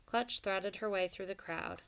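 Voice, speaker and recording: A woman narrating a storybook in a steady, even reading voice. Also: medium pitch, measured pace, gravelly, clear, resonant tone. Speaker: audiobook narrator.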